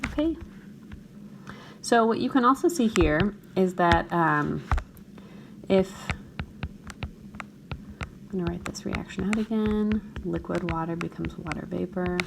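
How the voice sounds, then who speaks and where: Unhurried and pausing often, a woman teacher with a lowish, somewhat gravelly morning voice explains a chemistry problem in a screencast recording. She keeps checking in with her students while background noise plays behind her.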